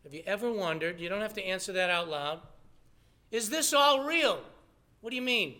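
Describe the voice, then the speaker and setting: A man's voice: high voice, expressive, quick pace, bright, forceful tone. A man preaching a sermon as pastor, earnest and conversational, probing his listeners with rhetorical questions.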